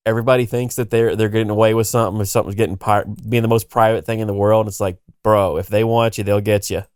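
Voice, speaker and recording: A man's voice: lowish voice, fairly even intonation, fast talker, a little mellow, smooth, no echo, studio quality. A man co-hosting a podcast, telling a story in casual, emphatic, joking chat. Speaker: podcast co-host.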